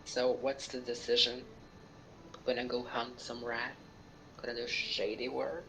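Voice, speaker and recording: A man's voice: mid-range voice, level tone, unhurried, gravelly, pushed and bright, a little hiss or hum, rough recording. A man playing a tabletop game, playfully narrating what his character does. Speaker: player. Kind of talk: casual tabletop game chat.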